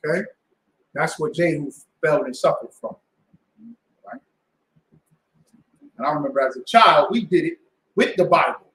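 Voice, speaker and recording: Leading a Sabbath class in a preacher's style, a man with a high-pitched voice poses rhetorical questions and coaxes responses from his listeners. He speaks at a moderate pace with long pauses, his lively, insistent delivery echoing around a reverberant room.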